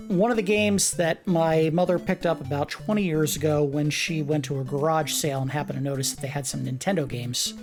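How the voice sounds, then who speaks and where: A woman hosting a let's play, commenting on an old game with joking, sarcastic asides. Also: low voice. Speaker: host. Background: game music.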